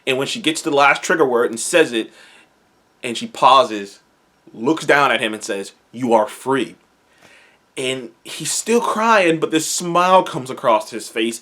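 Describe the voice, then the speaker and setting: A man giving a casual spoken review of a TV episode, rambling and excited, often restarting and correcting himself. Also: mid-range voice.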